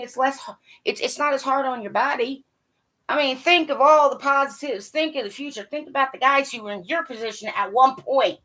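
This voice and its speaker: A woman's voice: on the high side, a bit bright. A woman hockey fan giving a blunt, profane, scolding rant straight to camera. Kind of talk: ranting monologue to camera.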